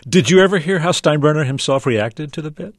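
A man hosting a radio interview, introducing clips in a measured, explanatory way. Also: on the high side, expressive, dry recording, studio quality. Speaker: interview host.

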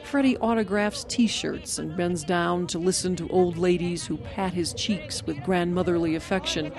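A woman's voice: on the low side, a crowd in the background. Woman reading a radio news report. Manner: measured, even reporting delivery. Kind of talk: scripted news narration.

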